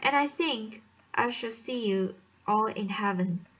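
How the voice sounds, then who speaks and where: A woman reading the lines of a gentle, dying young girl, slowly and haltingly with restarts. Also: on the high side, dull audio. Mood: tender.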